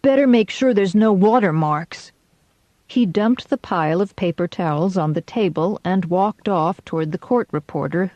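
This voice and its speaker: A woman reads a first-person audiobook in a wry, measured way, her voice low and her pace unhurried. The recording is dry with no room sound and slightly dull in the highs. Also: darkish tone, no room sound. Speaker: audiobook narrator.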